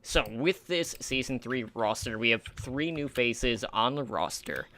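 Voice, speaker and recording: Guy hosting an esports show, super bright smooth voice, rambly, lots of uhs. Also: mid-range voice, no echo. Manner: rambling, filler-heavy, trips over player names. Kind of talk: casual esports podcast chat.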